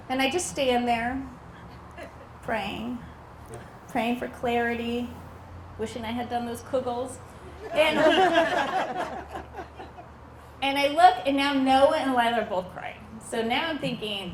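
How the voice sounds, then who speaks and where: A woman's voice: a little high, takes it slowly, long pauses, echoey room, a crowd in the background, noisy background. A woman comedian telling a family story in a stand-up set outdoors, acting out the people in it as she goes. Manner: animated storytelling, acts out family members. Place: outdoor backyard show.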